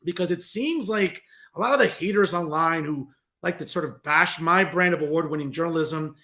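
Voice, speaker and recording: Guy hosting a political talk show, ranting, sarcastic and combative, kinda high voice. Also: normal speed, sharp tone. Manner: repeatedly addresses listeners as folks. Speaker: political commentator and show host. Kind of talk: opinionated political commentary monologue.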